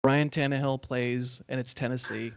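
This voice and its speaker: A man's voice: medium pitch, little pitch movement, moderate pace, clear, resonant tone, no room sound. Dry-sounding man hosting a betting show. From California. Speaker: host. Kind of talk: casual sports betting chat.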